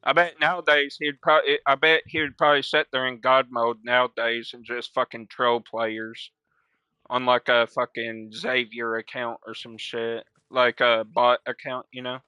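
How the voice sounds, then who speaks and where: A young man streaming a game, telling stories in casual, profane slang, breaking into loud quoted voices. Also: mid-range voice, level tone, moderate pace, clean tone, no room sound. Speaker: gaming streamer. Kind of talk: casual storytelling while playing.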